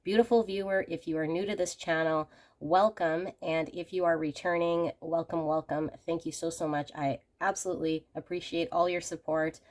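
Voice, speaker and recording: A woman with a low voice hosts a pick-a-card tarot reading, speaking straight to her viewers. She sounds slightly hoarse from a cold, and her way of talking is gentle and reassuring. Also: fairly even intonation, moderate pace. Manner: gentle, reassuring, addresses viewers warmly as friends. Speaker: tarot reader and channel host.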